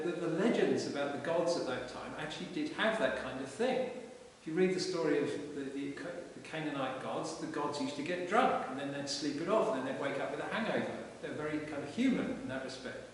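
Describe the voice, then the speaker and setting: A man delivers a chatty, storytelling sermon, his slightly high voice repeating words as he gathers his thoughts. He is picked up from well back in a church, and the sound rings with heavy echo and a long tail. Faint hiss runs underneath. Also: expressive, brisk. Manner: informal storytelling with frequent restarts. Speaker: preacher. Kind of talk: conversational sermon. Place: parish church. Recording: echoey church hall from far off with hiss.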